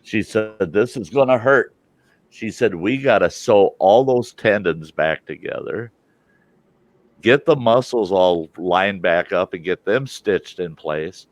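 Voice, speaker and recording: Older man telling a lively story. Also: on the low side, slow, dry recording. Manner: animated, acts out quoted voices. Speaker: storytelling host. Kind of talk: casual storytelling.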